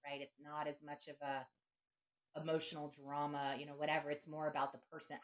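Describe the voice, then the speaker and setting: A woman's voice: deep voice, level tone, fairly quick. A middle-aged woman speaking as an author guest in a casual interview. She is chatty, often adds "right?" and laughs easily.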